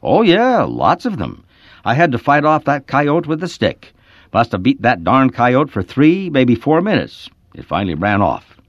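A man's voice: mid-range voice, huge pitch swings, measured pace, dry recording, voice pushed up. A man voicing a laconic young male sheep rancher who answers in as few words as he can, on a dull lo-fi recording. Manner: terse, drawling, few words.

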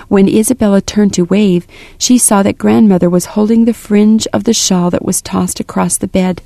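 A woman narrating a storybook in an even, measured reading voice. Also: medium pitch, vocal fry, dry recording, studio quality. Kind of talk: storybook read-aloud narration.

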